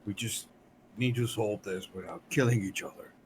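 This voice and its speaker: A man's voice: fairly low pitch, fairly even intonation, normal speed, a little hiss or hum, poor audio. A man playing a tabletop game who speaks as his character, earnestly arguing for cooperation. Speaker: player. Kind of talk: in-character tabletop role-play.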